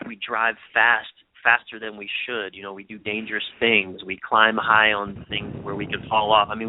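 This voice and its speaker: A man's voice: fairly low pitch, a little hiss or hum. A man, a guest author and coach, talking earnestly in an interview and often restarting his words. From United States. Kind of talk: reflective interview talk. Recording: dry, phone-like narrow sound.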